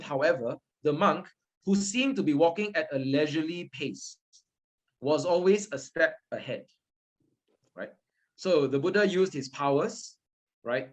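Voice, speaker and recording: Lively Buddhist teacher, man. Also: on the high side. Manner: conversational, checks in with listeners often. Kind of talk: interactive Dharma class.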